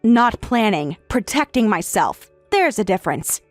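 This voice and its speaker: A woman voicing a calm, sarcastic wife in a text-message story, speaking in a matter-of-fact way. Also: medium pitch, a little slow, no room sound, soft background music. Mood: cool, sarcastic. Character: calm, sarcastic wife who has left her husband.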